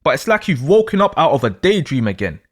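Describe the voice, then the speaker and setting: A man telling a dramatic second-person story, in an animated way. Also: on the high side, fast. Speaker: astrology storyteller.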